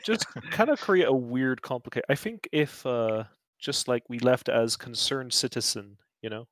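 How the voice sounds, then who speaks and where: A man's voice: medium pitch, normal speed, a bit bright, no room sound. A man playing a tabletop game, speaking hesitantly with stop-start phrasing. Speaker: player. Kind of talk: casual tabletop play.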